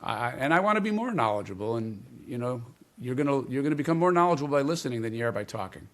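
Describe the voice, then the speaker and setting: A man as an interview guest, explaining communication ideas in a measured way and stressing key words. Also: medium pitch, animated. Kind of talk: interview conversation.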